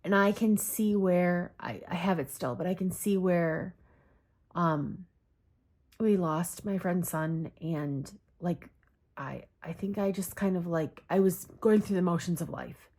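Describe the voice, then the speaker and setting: A woman's voice: fairly low pitch, unhurried, darkish tone. A woman vlogging casually about her journals, rambling and correcting herself as she talks, close to tears. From Michigan, USA. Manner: rambling, self-correcting, many fillers. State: holding back tears. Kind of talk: casual personal talk.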